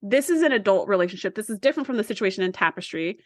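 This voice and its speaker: A woman co-hosting a podcast, recapping scenes in casual chat, animated and quick to laugh. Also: medium pitch, dry recording, studio quality. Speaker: podcast co-host.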